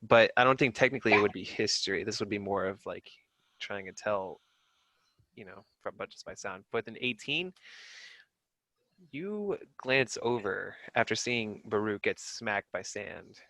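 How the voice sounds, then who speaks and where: A man's voice: on the low side, lively intonation, normal speed, bright, forceful tone, no room sound. A man narrating a tabletop game as game master, rambling with many fillers.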